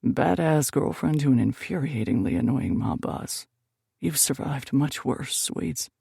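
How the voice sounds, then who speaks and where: A woman narrator plays a bossy, teasing young man in a romance audiobook. He talks slowly and playfully, a touch deeper than her normal voice, with a gravelly grain. The sound is close and dry. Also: animated, mellow, no room sound, heavily acted. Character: teasing, bossy young male best friend.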